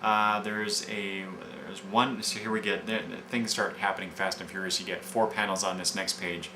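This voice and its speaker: Brief: casual, halting comic reviewer, man, lowish voice, echoey room. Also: flat delivery. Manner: halting, with many fillers and restarts while summarizing. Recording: echoey room with background noise.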